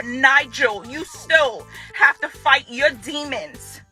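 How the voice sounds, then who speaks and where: A woman's voice: high-pitched, takes it slowly, pushed and bright, soft background music. A woman making an angry direct-to-camera statement to her ex-husband, confrontational and repeating phrases for emphasis. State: furious. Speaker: ex-wife speaking out.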